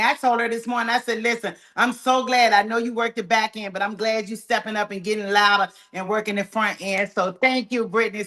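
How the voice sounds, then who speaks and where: A woman with a bright, fairly high voice hosts a training call. She cheers each speaker on with a lot of energy and hype. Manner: enthusiastic, hypes up speakers, repeats "wow". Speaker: call host.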